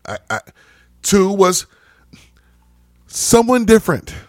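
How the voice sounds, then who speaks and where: A man's voice: sits high, sing-song, slow pace, no room sound, clean studio sound. A man on a casual podcast panel, ranting heatedly and emphatically, with frequent cursing.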